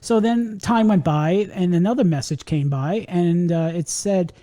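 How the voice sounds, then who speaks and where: Fast-talking New York man, mellow voice. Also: sits high. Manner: fast-talking, animated storyteller, laughs often. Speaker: podcast host. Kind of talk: casual podcast chat.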